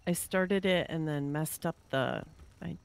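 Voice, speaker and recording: With a low, gravelly voice and a slightly slow delivery, a young woman streams a survival game, chatting easily, narrating her building plans, and thanking people in chat. Some hiss or hum sits under the recording.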